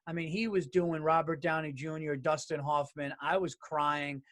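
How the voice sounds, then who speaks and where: A man's voice: fairly high pitch, steady tone, moderate pace, a bit bright. A man hosting his own podcast solo, ranting in a blunt, profane, fired-up way. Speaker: podcast host.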